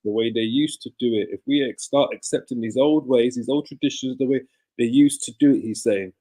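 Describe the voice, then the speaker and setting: A man's voice: medium pitch, a little fast, warm tone. A man commentating on a played clip, emphatically repeating and explaining each point.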